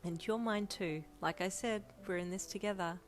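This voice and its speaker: A woman's voice: medium pitch, moderate pace, close to an everyday voice. A woman voicing a playful, cheeky teenage girl who reassures and jokes, over faint instrumental music. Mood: reassuring.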